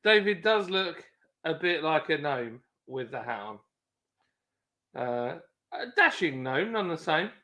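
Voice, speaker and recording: Brief: male streamer, animated delivery, bright forward tone, chatty and jokey. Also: on the high side, slow. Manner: lively, chatty, reads chat aloud and jokes. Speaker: livestream host. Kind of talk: casual chat with live chat readers.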